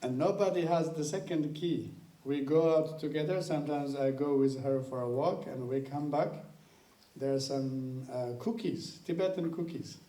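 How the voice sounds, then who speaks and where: A man's voice: fairly high pitch, dark tone. A man giving a talk as a guest teacher, telling a personal anecdote and laughing often as he goes. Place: lecture room. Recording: roomy hall, mic at a distance.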